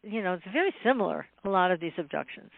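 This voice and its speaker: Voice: mid-range voice, expressive, fast, gravelly. An interview host who reacts briefly and adds comments in a casual chat, over a tinny line. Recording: dry tinny phone line.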